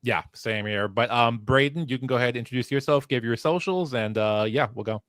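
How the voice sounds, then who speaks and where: A man's voice: medium pitch, brisk, fairly bright tone, smooth, dry recording. A man hosts a casual livestream, rambling and restarting his sentences with plenty of fillers. His mid-range voice is close and dry on a headset mic. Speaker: fill-in host.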